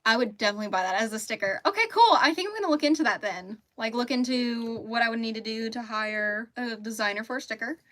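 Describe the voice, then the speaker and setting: A chatty woman, her voice bright and a little high. She talks in a loose, rambling way and laughs easily, like someone chatting on a relaxed livestream. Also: fast talker, few pauses. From Mississippi, US. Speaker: crochet livestream host. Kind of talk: casual livestream chat. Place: home closet.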